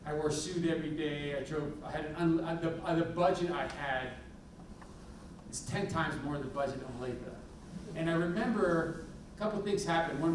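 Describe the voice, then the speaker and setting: A middle-aged man, a police chief, giving a candid, animated talk full of anecdotes in a university event hall. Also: fairly high pitch, noisy background. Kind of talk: public talk with war stories. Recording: echoey hall from a distant mic.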